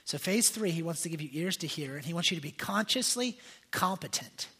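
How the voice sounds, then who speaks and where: Animated young preacher with a husky voice. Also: male voice, fairly high pitch, fairly quick. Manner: animated, conversational, many fillers and restarts. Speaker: pastor. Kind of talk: casual sermon storytelling.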